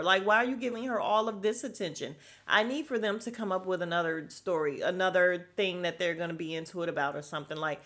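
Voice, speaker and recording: A woman hosting a casual podcast, recapping a reality show episode in a blunt, sassy way and swearing freely. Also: mid-range voice. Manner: animated, acts out the cast's lines. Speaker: podcast host.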